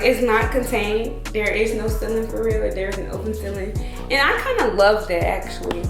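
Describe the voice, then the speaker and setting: A young woman giving a casual, profane tour of her open loft-style salon suite, calling her viewers y'all. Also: fairly high pitch. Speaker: salon owner vlogger. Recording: echoey room with music playing.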